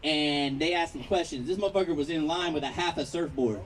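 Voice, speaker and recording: A man's voice: a little high, fairly quick, far from the mic, heavy background noise. A man from Long Beach doing a profane, story-driven stand-up set at an outdoor backyard patio show. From Long Beach, California. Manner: profane, storytelling, acts out characters. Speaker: stand-up comedian. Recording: crowd laughter, mic heard from afar.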